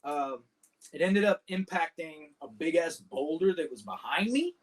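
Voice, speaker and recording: Vet guy telling a war story on a podcast, swears a lot, says dude constantly, voice on the higher side. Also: lively intonation, measured pace. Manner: profane, vivid war storytelling with lots of "dude" and "man". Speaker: podcast guest, combat veteran. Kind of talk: casual storytelling.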